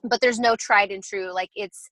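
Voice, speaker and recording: A woman who works as an interior designer explains things in a chatty, casual podcast interview, full of ums, fillers, and restarts. Her medium-pitched voice is fairly bright, with fairly even intonation and a moderate pace. The recording is dry, close, and low in quality.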